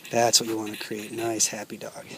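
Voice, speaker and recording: Relaxed man training a dog outdoors. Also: lowish voice, fairly quick. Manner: relaxed, talks to the dog between explanations. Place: outdoors in a field by water. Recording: distant outdoor mic with noise.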